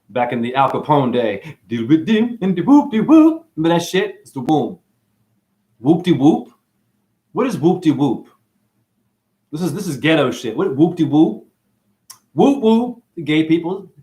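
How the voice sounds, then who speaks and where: A man rambles through a livestream monologue, stringing words together in playful sing-song riffs. His voice sits a little high and swoops widely, jumping into sudden whoops before dropping into drawling asides. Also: darkish tone. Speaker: online show host.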